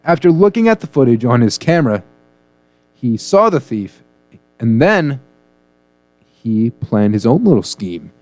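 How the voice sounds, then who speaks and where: A man's voice: medium pitch, sing-song, a little slow, long pauses, darkish tone, no room sound. A man co-hosting a comedy news radio show, joking and punning through the stories. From United States. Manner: jokey, punning, playful delivery.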